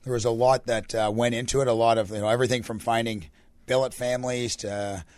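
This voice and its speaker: A young Canadian man, a hockey coach with a deep, raspy voice, answering radio interview questions in a relaxed, rambling way. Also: fast talker, no echo. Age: young adult. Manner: relaxed, rambling answers with many fillers and restarts.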